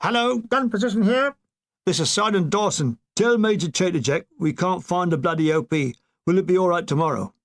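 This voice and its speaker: A blustering army sergeant, gruff and bossy, barking orders at his men, as a man puts him on. He pushes his voice up high and loud when he loses patience. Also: a little fast. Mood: flustered. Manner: barking, exasperated.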